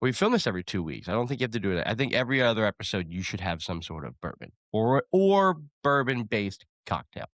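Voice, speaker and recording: A man co-hosting a casual chat show, teasing and retelling a story with animated energy. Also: on the low side, quick pace, hardly any pauses, no echo, clean studio sound. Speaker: podcast co-host.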